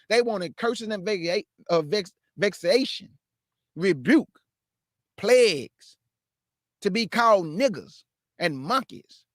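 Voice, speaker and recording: A man preaching to his listeners, emphatic and repetitive, calling them family and swinging between shouts and low asides. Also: no echo, studio quality. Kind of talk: street-style preaching.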